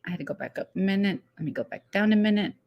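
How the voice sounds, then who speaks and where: A woman's voice: medium pitch, lively intonation, rapid-fire, lo-fi sound. A woman hosting a casual live stream, chatting loosely, laughing easily and greeting viewers one by one by name. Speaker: livestream host.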